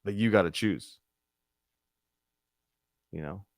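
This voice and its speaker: Earnest low-voiced man leading spiritual talk. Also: slow pace, dry recording, clean studio sound. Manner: earnest, repetitive, searching phrasing. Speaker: host of a spiritual discussion group. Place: online group video call.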